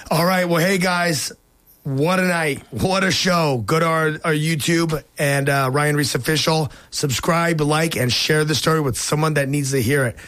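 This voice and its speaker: Host guy, kinda high voice, preachy and hyped, dry sound. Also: normal speed, fairly bright tone, dry recording. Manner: enthusiastic, preachy wrap-up. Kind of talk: casual faith talk show.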